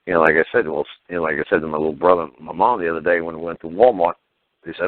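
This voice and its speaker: A man's voice: low-pitched, fairly even intonation, racing, dry recording. A man on a talk show telling a story in a blunt, profane, fired-up way over the phone. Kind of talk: casual call-in radio chat. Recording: tinny phone line.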